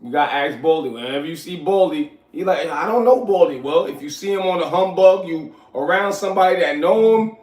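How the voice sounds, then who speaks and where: Animated New man in echoey room. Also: a little high, brisk, hardly any pauses. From New York. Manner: animated, repeats "you know what I'm saying". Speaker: host. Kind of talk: casual storytelling. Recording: echoey room, far from mic.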